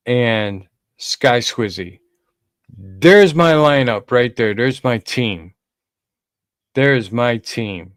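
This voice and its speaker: A man's voice: mid-range voice, no room sound. A man co-hosting a podcast in casual talk, emphatic and repeating his key lines. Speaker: podcast co-host.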